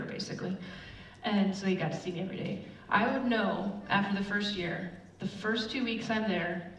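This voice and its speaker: A middle-aged woman giving a casual sermon, telling chatty personal stories with lots of fillers. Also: medium pitch. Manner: chatty, animated storytelling with many fillers. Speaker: church speaker. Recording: roomy, distant, dull with faint room noise.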